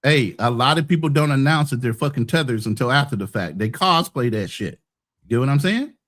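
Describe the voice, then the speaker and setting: A man's voice: medium pitch, expressive, fairly quick, a bit bright. An American man hosting a heated casual debate, blunt and profane, talking over others. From United States.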